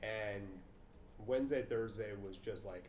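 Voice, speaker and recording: A man's voice: lowish voice, a little slow, darkish tone, a little hiss or hum. A young man co-hosting a casual film chat podcast, rambling and swearing, with lots of fillers. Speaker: podcast co-host. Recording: roomy echo.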